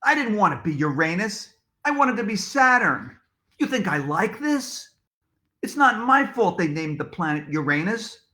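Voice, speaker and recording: A man voicing an indignant young schoolboy in a storybook, talking loudly and with exasperation. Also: high voice, big pitch swings, normal speed, voice pushed up, full character voice. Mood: exasperated. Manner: loud, exasperated, shouting. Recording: echoey room.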